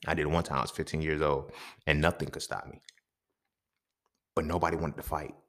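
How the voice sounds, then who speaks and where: A young adult man hosting a podcast, telling a story from his own life in a casual, profane, animated way with lots of slang. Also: rumbling low, brisk. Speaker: podcast host.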